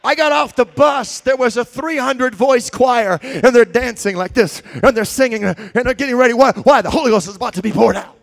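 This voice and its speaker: A man preaching a sermon, telling stories with swings between shouts and quiet asides. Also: very high voice, brisk, creaky, hardly any pauses. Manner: shouting, animated storytelling with swings from loud to quiet.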